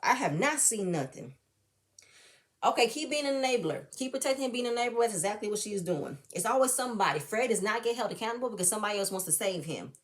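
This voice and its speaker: Woman, reality show reviewer, casual opinionated recap, blunt, profane, mid pitch. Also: animated, quick pace.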